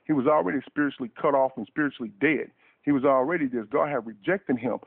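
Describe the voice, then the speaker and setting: A man's voice: mid-range voice, fast talker, gravelly, slightly rough, no room sound. A man preaching a fervent radio sermon, repeating and restarting words in bursts, heard over a dry phone line.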